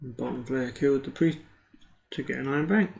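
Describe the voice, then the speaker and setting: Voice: medium pitch, fairly quick, vocal fry, a little mellow. A co-commentator chatting casually about a card game, with dry teasing remarks.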